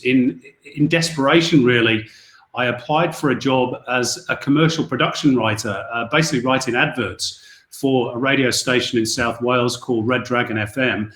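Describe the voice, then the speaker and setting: An English man, a sports commentator as a podcast guest, telling relaxed stories with many fillers and restarts. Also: medium pitch, moderate pace, echoey room. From England. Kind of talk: casual podcast interview.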